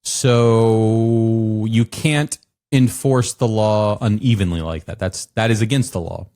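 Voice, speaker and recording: A man co-hosting a podcast, explaining points step by step in a relaxed conversational way. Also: on the low side, takes it slowly. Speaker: podcast co-host. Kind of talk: casual chat.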